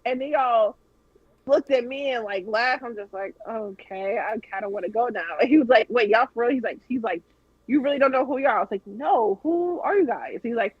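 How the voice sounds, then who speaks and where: A woman's voice: on the high side, brisk, slightly rough, lo-fi sound. A woman guest telling a story on a podcast in a casual way, swearing freely and acting out the people she quotes.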